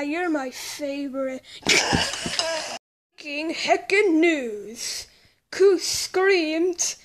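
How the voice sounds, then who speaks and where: A young woman doing playful childlike voices in a homemade play, shifting between several characters. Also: high-pitched.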